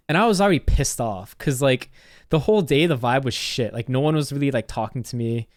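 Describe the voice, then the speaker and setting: A man's voice: medium pitch, fairly quick, dry recording, clean studio sound. A young man streamer casually telling a story, rambling with constant "like" fillers and swearing.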